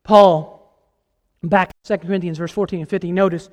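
A man's voice: sits high, steady tone, fairly quick, in a large hall. A man preaching a sermon as a guest preacher, emphatic and impassioned, putting questions to the congregation. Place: church sanctuary.

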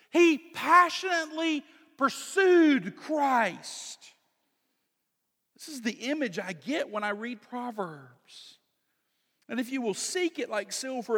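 A pastor preaching a sermon in an animated way, rising to shouts for emphasis. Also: male voice, very high-pitched. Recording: long hall reverb.

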